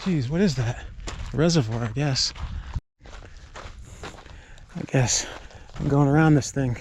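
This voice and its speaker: A man's voice: mid-range voice, measured pace, a little mellow. Breathless man, weary self-talk, outdoor trail, handheld camera, noticeable background noise. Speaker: trail runner vlogging a race. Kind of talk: breathless self-filmed race diary. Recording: noisy outdoor camera audio.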